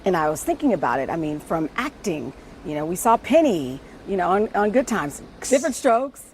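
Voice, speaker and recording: A woman's voice: lowish voice, big pitch swings, moderate pace, a little mellow, slight background noise. A woman from Kansas interviewing a guest in an upbeat, chatty and eager way. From Kansas, USA. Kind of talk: casual interview.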